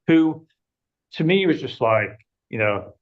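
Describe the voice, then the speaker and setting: An agency owner appears as an interview guest, telling stories conversationally in a northern English accent and animatedly acting out quoted dialogue. He speaks slowly at an ordinary middle pitch. The recording comes across slightly dull and muffled.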